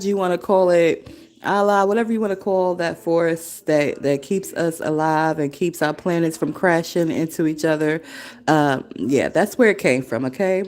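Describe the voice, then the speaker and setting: A woman's voice: low voice, lively intonation, unhurried, a little mellow. A woman in her forties hosting a casual solo podcast from her desktop, rambling with frequent laughter and heavy cursing. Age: 40s. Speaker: podcast host and café founder. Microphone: desktop computer recording.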